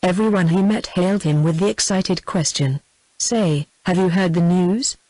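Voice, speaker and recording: A synthetic woman's voice with a British English accent reads a novel aloud in an even machine delivery, sometimes speaking the word "comma". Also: fairly low pitch, normal speed, no room sound, low-quality recording. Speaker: audiobook narrator. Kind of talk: synthetic text-to-speech book reading.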